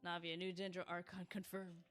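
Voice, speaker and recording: A young woman streaming a game, giggly, playful and quick to exclaim. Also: lowish voice, level tone, fairly bright tone, faint music behind. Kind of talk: casual gaming chat.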